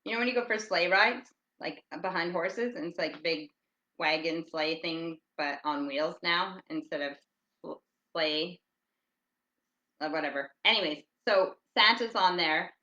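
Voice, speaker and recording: A middle-aged woman hosting a casual, rambling chat show, who talks loudly and reads out listener comments as she goes. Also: on the low side, a little slow, echoey room, lo-fi sound. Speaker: podcast host. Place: at home in England.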